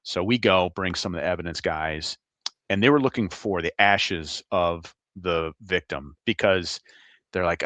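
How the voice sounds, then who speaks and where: A middle-aged man, a retired agent, telling animated, laughing anecdotes as a guest in a casual interview. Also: sits low, unhurried, no echo.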